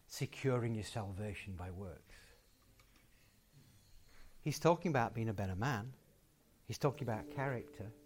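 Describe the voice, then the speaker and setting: A male preacher delivering a sermon in a voice of ordinary pitch for a man. He leans on key words, repeats phrases for weight and moves from loud declaration down to quiet, low lines. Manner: emphatic, with repeated phrases and big swings in loudness.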